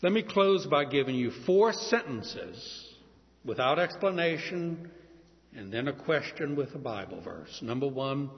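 A man preaching a sermon, impassioned, swinging between hushed pleading and loud emphasis. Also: mid-range voice, big pitch swings, unhurried. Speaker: pastor. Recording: dull lo-fi sound in a reverberant hall.

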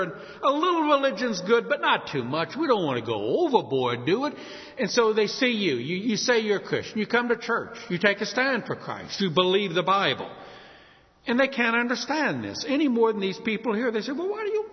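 A man preaching a sermon as pastor, lively, often acting out the voices of the people he quotes. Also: a little high, in a large hall, highs cut off.

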